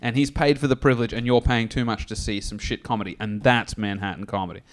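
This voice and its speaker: A man's voice: medium pitch, steady tone, fast talker. A man, co-hosting a comedy podcast and telling rambling, profane stories in casual chat. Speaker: podcast co-host.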